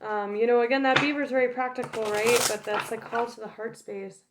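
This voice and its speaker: A woman's voice: fairly high pitch, steady tone, brisk, very noisy. A young woman casually talking through a tarot reading, chatty, with many "like"s and "right?"s. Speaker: tarot reader.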